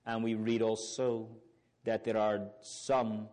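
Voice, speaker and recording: A man's voice: on the low side, little pitch movement, slow pace, darkish tone. A man preaching a sermon, earnest and fervent, with old biblical phrasing and rising exclamations.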